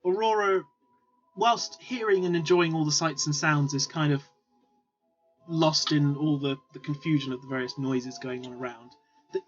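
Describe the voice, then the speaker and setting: A man narrating as game master, rambling with many fillers and restarts. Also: a little high. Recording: lo-fi with faint music.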